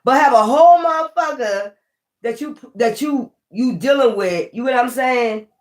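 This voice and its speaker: A woman's voice: on the high side, animated, moderate pace, a little mellow. A woman giving a casual tarot reading, blunt and profane, thinking aloud as she goes. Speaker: tarot reader. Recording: roomy echo.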